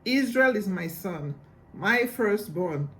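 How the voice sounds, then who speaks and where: A man's voice: high-pitched, animated, slow, fairly bright tone, full character voice. A man reading God's lines aloud from a Bible story, emphatic and full of rhetorical questions. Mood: commanding. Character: God, commanding and patient divine male voice.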